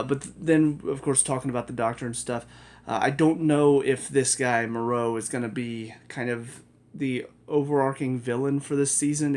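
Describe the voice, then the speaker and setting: A man giving a casual spoken review of a TV show, rambling, correcting himself and laughing often. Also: medium pitch.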